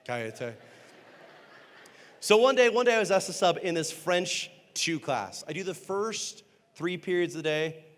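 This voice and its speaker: A man with a fairly high voice tells a funny story on stage, jumping into character voices and poking fun at himself. The sound carries a long reverb from a large hall. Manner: animated, acts out characters with quick voice changes; self-deprecating comic timing. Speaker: motivational speaker and entertainer. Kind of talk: humorous storytelling keynote.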